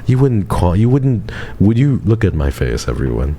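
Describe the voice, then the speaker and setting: A young man chats casually with his live-stream audience, playful, teasing and mock-dramatic, very animated at a moderate pace. His extremely low voice sounds dark and mellow, with a faint hiss beneath his desk mic.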